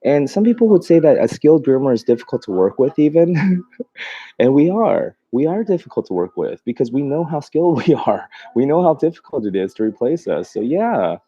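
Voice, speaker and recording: A man's voice: on the high side, sing-song, brisk, dark tone, husky, no room sound, dull audio. A man, a mobile dog groomer, chatting casually on a livestream, reading out viewer comments, laughing often and talking in loose rambling bursts. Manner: rambling, laughs often, many fillers and restarts.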